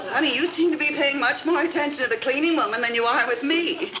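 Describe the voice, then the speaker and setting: An actress playing a scatterbrained, anxious young housewife in a 1950s TV sitcom, flustered and quick to panic. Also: female voice, sits high, highs cut off, a loud crowd, natural voice. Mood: fussing. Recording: old TV soundtrack with loud studio audience laughter and hiss.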